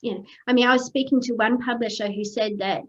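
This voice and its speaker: A woman's voice: on the high side, steady tone, fast talker. A woman hosting a casual interview and asking probing questions. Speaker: podcast host. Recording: dull lo-fi sound.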